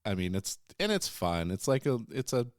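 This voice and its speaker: A low-pitched man chats casually as a podcast co-host, his voice rising and falling a lot. He retells a story playfully. The sound is dry and close. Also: big pitch swings, normal speed, no room sound. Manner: playful, acts out characters in silly voices while retelling. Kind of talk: casual chat.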